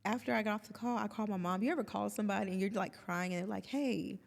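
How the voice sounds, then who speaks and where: A woman's voice: medium pitch, steady tone, rapid-fire, gravelly, long reverb tail. A woman in her thirties, co-hosting a podcast, chatting openly and expressively with quoted asides. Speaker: podcast co-host. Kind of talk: candid conversational podcast chat.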